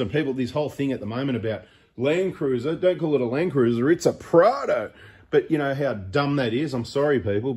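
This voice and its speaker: A middle-aged Australian man talks straight to camera with chatty, opinionated advice, often wandering off on asides. His voice sits at an ordinary male pitch and has a husky edge. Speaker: host of a 4x4 channel. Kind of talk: casual talking-head advice.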